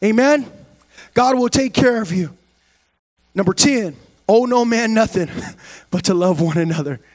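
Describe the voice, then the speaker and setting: A man preaching a sermon as pastor, swinging from quiet talk to shouted, sing-song cadences. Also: sits high, lively intonation, unhurried. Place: church sanctuary.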